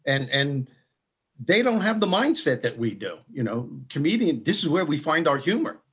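Husky-voiced man telling funny stories. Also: fairly high pitch, normal speed. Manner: animated storyteller, acts out voices. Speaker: comedian co-host. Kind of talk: casual comedic chat.

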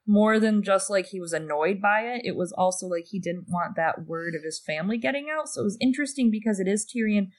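A young woman chats with her co-host in a relaxed, conversational way. Her humor is dry, and she slips sarcastic quips in as she talks. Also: medium pitch, a little fast, hardly any pauses. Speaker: podcast co-host. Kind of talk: casual chat.

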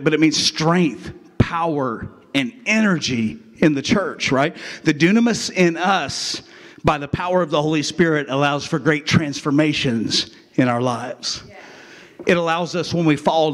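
A pastor preaching a sermon in a chatty, joking way, calling on the crowd to answer back. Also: male voice, on the high side. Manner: jokey, chatty preaching with call-and-response. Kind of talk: sermon with acted skit.

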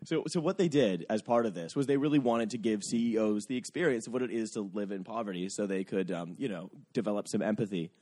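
A man with a mellow, dark-toned voice chats loosely on a comedy podcast. He rambles through his stories, full of filler words. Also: on the low side, fast talker, hardly any pauses. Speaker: podcast host. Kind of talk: casual comedic chat.

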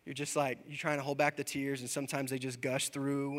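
A man preaching a sermon, dropping soft and low, then building to loud, rising peaks, and reading scripture slowly. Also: flat delivery. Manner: reads scripture aloud slowly.

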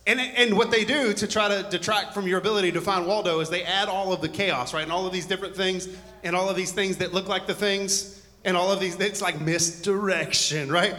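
A man's voice: sits high, steady tone, fairly quick, bright, forceful tone, long reverb tail. A man preaching a conversational sermon to a congregation, full of joking asides and rambling stories. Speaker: pastor.

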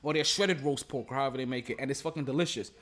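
A man's voice: mid-range voice, rapid-fire, fairly bright tone. A man hosting a sports podcast in casual chat, rambling and repeating words, laughing often, recorded away from home at a relative's house. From Jamaica. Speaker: podcast host. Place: relative's home, not a studio.

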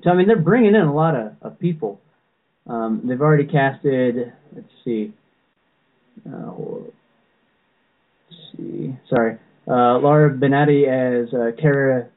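Over a tinny, phone-quality recording, a man of medium pitch talks at a normal speed as a podcast co-host. It's loose fan chat, rambling and packed with restarts and "you know"s.

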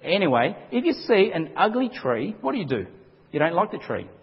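This pastor preaches emphatically in a high, sing-song voice with a breathy edge, moving a little fast and performing quotes with drama. Sound quality is dull and lo-fi, washed in long hall reverb.

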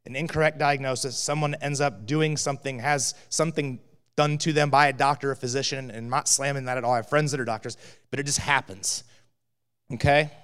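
Smooth-voiced pastor in a reverberant hall. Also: male voice, medium pitch, steady tone, brisk, a bit bright. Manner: conversational storyteller, many fillers. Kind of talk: sermon with personal story.

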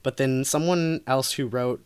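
A woman's voice: rumbling low, measured pace, darkish tone, clean tone. A woman co-hosting a podcast, casually telling a true crime story with lots of fillers and frequent laughs. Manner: laid-back, laughs often, lots of fillers.

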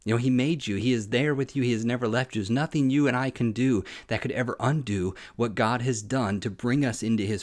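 Man, podcast preacher, conversational sermon, earnest, heartfelt, mid-pitched voice. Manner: earnest, heartfelt and personal, with frequent restarts. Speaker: preacher hosting a devotional podcast.

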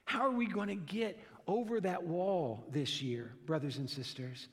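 Pastor, male, high voice, earnest emphatic preacher, stresses key lines slowly, long reverb in a church sanctuary. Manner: earnest, emphatic preaching with slow stressed phrases and frequent repeated words. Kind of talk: sermon.

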